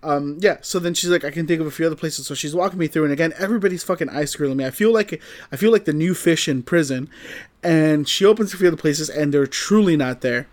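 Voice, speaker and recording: A young man with a slightly higher voice tells a rambling anecdote in casual chat. He acts out each quoted line and laughs often, swearing freely. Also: fast. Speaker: podcast co-host telling a story.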